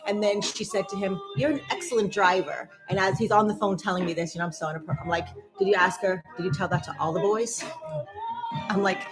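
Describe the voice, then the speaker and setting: Music plays behind a woman talking quickly to her live dance fitness class. With a medium pitch, she chats and tells animated stories, punctuated by laughs and whoops, though the audio is poor.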